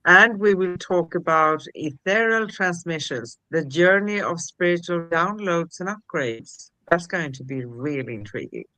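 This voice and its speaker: A woman co-hosting a spiritual livestream, talking gently and reading affirmations in a soothing way. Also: fairly low pitch, a little slow, few pauses, no room sound, poor audio. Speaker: co-host.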